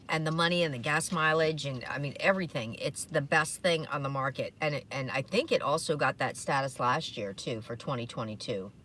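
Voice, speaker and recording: A woman's voice: deep voice, a bit bright, slight background noise. A woman co-hosting a podcast in casual chat, rambling with lots of fillers and restarts, recorded in a car. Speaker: podcast co-host.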